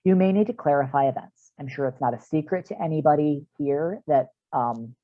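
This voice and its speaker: A man's voice: on the high side, brisk, dry recording. A man, a counselor, giving a practical online training talk to parents in a conversational way with many fillers, over a video call. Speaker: counselor presenting a parent workshop. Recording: dull, dry video-call audio.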